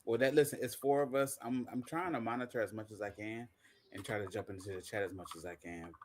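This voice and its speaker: A man's voice: fairly low pitch, fairly even intonation, quick pace, a little hiss or hum. A man co-hosting a casual podcast, easygoing and slangy. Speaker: podcast co-host. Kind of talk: casual chat.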